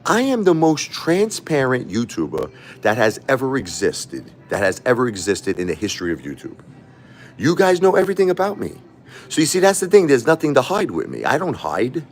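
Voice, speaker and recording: A man's voice: mid-range voice, huge pitch swings, a little fast, slight background noise. A man livestreaming a combative, boastful rant, taunting his critics and repeating himself. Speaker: livestreaming YouTuber. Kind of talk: ranting livestream monologue.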